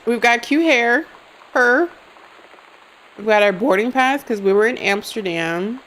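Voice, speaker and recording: A woman's voice: on the high side, measured pace, a bit bright, rough recording. Playful young woman streamer. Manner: playful, jokey, talks to chat. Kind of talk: live gameplay commentary.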